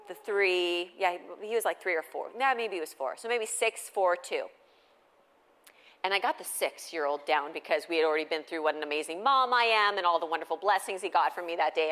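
A middle-aged woman with a lowish voice gives a humorous storytelling talk at a faith gathering, lively and conversational, often putting questions to the audience. The sound has a big-room quality.

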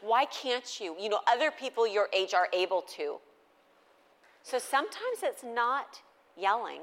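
A woman's voice: a little high, very animated, unhurried, a bit bright. A woman in her thirties speaking to a live audience about parenting, chatty and conversational, acting out exchanges with her children. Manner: conversational, acts out dialogue with her kids.

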